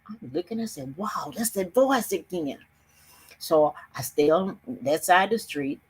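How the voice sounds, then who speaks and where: Older woman telling a story, husky voice. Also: on the low side, expressive, darkish tone. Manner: earnest, emphatic, speeds up and slows down. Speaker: summit speaker. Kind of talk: personal storytelling on a video call. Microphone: video call.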